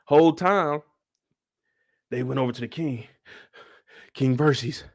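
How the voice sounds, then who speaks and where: A man's voice: fairly high pitch, gravelly. A young man, hosting a casual live show recap and acting out the characters as he talks. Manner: animated storytelling, acts out characters in quick voice switches.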